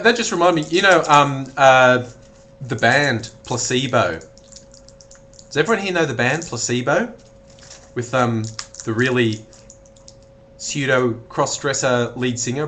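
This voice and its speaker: A man's voice: on the high side, fairly bright tone. A young Australian man hosting a casual live stream, joking, swearing freely, laughing often and reading viewer messages aloud. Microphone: computer webcam mic.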